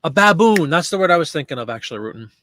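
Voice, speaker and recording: A man's voice: on the high side, big pitch swings, rapid-fire, a bit bright, a little hiss or hum. A man hosting a live listing stream, chatting casually and answering viewer comments while he works. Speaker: live stream host listing items for sale.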